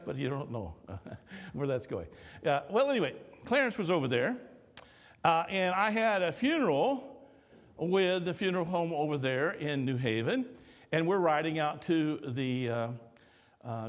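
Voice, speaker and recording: A man preaching with a lively, swooping voice that sits a little high for a man. He keeps asking the congregation questions and acts out the people in his stories. The sound carries a long reverb, as in a church sanctuary. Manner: conversational preaching with rhetorical questions and retold dialogue. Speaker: pastor. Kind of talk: sermon.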